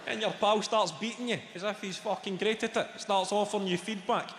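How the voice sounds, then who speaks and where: A man's voice: high voice, steady tone, a little fast, heavy background noise. A middle-aged Scottish man doing a stand-up comedy set, sweary and punchy, bantering with the crowd. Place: large theatre stage. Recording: echoey live theatre with long reverb. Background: loud audience laughter.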